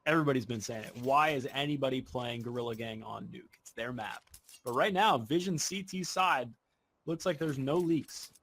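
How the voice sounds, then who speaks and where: A man casting an esports match with play-by-play commentary, talking in quick, excitable bursts. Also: mid-range voice, slight background noise. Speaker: esports caster.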